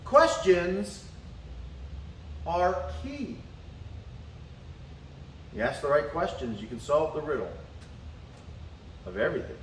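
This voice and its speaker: Brief: an animated motivational teacher with a high voice, recorded at a distance. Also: male voice, slow pace, long pauses, a little hiss or hum. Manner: animated storyteller acting out voices. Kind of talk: motivational talk with storytelling. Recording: echoey room from afar.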